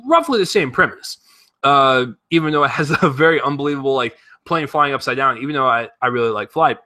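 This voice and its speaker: A man giving a casual spoken movie review, animated and profane, rambling with lots of fillers and restarts. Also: medium pitch, fairly quick. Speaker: film reviewer.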